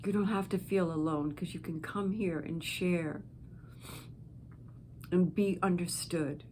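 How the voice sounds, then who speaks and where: Slow, gentle-voiced woman host. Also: on the low side, steady tone, a little hiss or hum. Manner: slow, gentle and heartfelt, with pauses. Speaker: channel host. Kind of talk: encouraging direct-to-camera talk.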